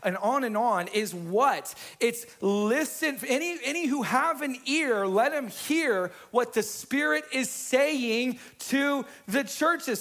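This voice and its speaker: Pumped-up pastor guy preaching, really high voice, chatty and fired up. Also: slow pace, few pauses. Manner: energetic, conversational, asks the room "right?". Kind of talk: sermon.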